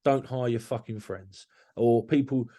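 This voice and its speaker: A man's voice: mid-range voice, steady tone, measured pace, mellow. A man talking candidly as a podcast guest, blunt and swearing freely, often restarting his sentences.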